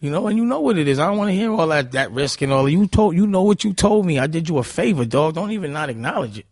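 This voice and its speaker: New guy ranting quick, keeps saying you know what i'm saying, dry mic. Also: fairly high pitch, lively intonation, dry recording. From Harlem, New York. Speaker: guest. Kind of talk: casual interview storytelling.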